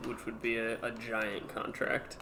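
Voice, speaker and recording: A man who works in sales, talking in a deadpan, matter-of-fact way in a casual chat. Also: on the low side, unhurried. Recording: loud steady noise.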